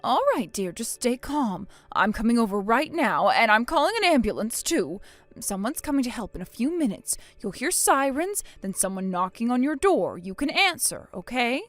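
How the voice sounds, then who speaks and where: A woman voicing a calm, shrewd grandmother who soothes a child and needles her son-in-law. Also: fairly high pitch, normal speed, no echo, soft background music. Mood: caring.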